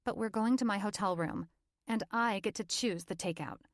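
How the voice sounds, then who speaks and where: A woman's voice: moderate pace, dry recording, studio quality, lightly acted. A woman voicing a stubborn, feisty young actress in a raised, exasperated voice. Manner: exasperated, higher-pitched delivery.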